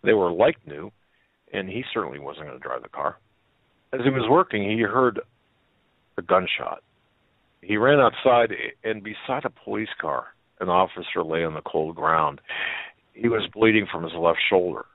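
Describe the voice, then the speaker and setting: A male talk show host reads a story aloud in a folksy, halting way, full of fillers and restarts. His voice sits very low, and the sound is dry and squeezed into a narrow, phone-like band. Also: animated, no room sound.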